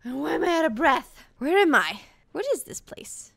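A young woman narrating her game in a bubbly, theatrical way, acting offended for laughs. Her voice sits very high and swings around a lot. The tone is bright and clear. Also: lively intonation, unhurried. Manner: bubbly, dramatic, mock-offended. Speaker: gaming channel host. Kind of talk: casual gaming commentary.

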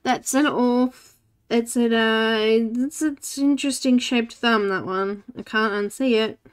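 A woman in her forties chats her way through a live coloring session at an unhurried pace. Her voice sits a little high. She talks to herself as she works and greets viewers by name. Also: clean tone. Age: 40s. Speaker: livestream host. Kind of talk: casual chat while coloring.

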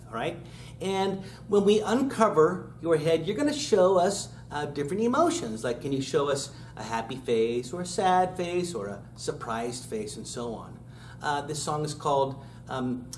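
This children's music teacher, whose voice is on the high side, sings and quizzes young kids cheerfully while playing acoustic guitar. It's a sing-along lesson recorded in a roomy room where the guitar is loud, with slight background noise.

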